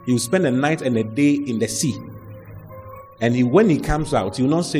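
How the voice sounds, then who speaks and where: A man preaching a lively sermon, mixing humor and acted-out quotes. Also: mid-range voice, moderate pace, long pauses, long reverb tail, over music. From Ghana. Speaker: pastor.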